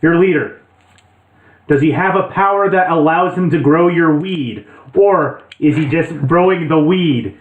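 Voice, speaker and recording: A man's voice: a little high, measured pace. Man on a tinny, echoey line. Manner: rambling, with frequent restarts. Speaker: player. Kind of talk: casual tabletop play. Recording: tinny, echoey call audio.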